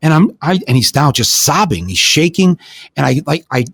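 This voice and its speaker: An older man hosting a podcast, telling stories in an animated way with many restarts. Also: on the high side, normal speed, creaky, slight background noise. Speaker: podcast host. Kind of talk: casual podcast conversation.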